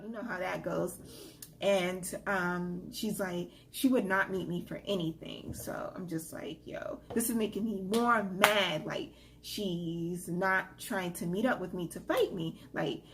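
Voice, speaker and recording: Young woman vlogging a storytime, animated and chatty, filler-heavy, quiet background hum. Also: on the low side. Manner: casual, animated retelling with many fillers. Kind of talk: storytime vlog.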